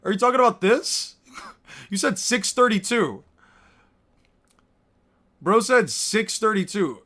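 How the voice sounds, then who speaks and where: High-voiced young man, heated rant. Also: lively intonation, takes it slowly, bright, forceful tone. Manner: exasperated, profane, mocking. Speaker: YouTuber. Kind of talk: heated ranting commentary.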